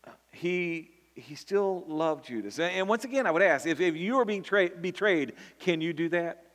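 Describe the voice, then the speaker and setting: A man's voice: high-pitched, animated, normal speed, fairly bright tone. A man preaching a sermon earnestly, often repeating words and building to emphatic peaks. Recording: long hall reverb.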